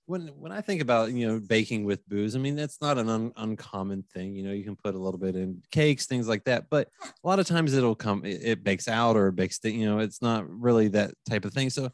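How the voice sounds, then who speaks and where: A man's voice: lowish voice, a little fast, no room sound. Dry-sounding man hosting a podcast. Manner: friendly, encouraging, repeats words while asking long questions. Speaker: podcast host. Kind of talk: podcast interview.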